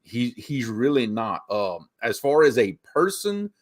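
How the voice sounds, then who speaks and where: A middle-aged man co-hosts a laid-back chat in a softened Cajun accent from south Louisiana. He speaks at an ordinary pitch and a measured pace, spinning stories with lively asides.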